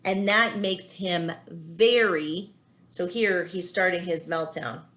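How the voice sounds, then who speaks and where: A woman teacher reading a children's picture book aloud, pausing often to gently explain feelings to young listeners. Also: lowish voice, steady tone. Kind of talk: children's read-aloud with commentary.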